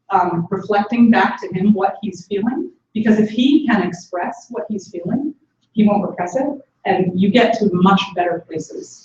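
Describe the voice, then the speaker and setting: Animated woman answering questions in echoey hall. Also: medium pitch, slight background noise. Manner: animated, acts out quoted voices. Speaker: conference speaker. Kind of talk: audience Q&A answers. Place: large echoey conference hall. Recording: echoey hall, distant, dull lo-fi.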